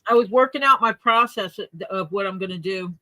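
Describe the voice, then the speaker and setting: Co-host, bright tone, brief matter-of-fact replies, dry sound. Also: medium pitch, fairly quick, dry recording, rough recording. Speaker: podcast co-host. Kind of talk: casual livestream chat.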